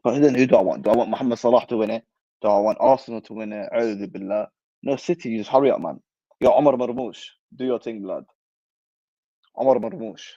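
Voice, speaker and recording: A young man riffs on football and answers live chat, animated and full of slang. His voice is dark and mellow, recorded close and dry through a somewhat dull mic. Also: lowish voice, quick pace, no room sound. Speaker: football channel host. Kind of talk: casual livestream chat.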